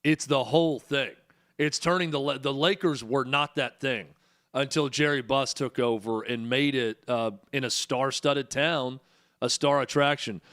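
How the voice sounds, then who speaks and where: A man hosting a sports talk show, chatting in a measured, conversational way with dry teasing of his co-host. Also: medium pitch, fairly bright tone.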